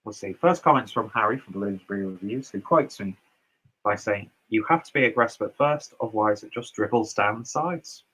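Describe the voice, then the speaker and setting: A man's voice: fairly low pitch, lively intonation, normal speed, fairly bright tone, slightly rough, low-quality recording. A man casually reading out and answering viewer comments on his beer reviews, loose and chatty with lots of fillers and asides.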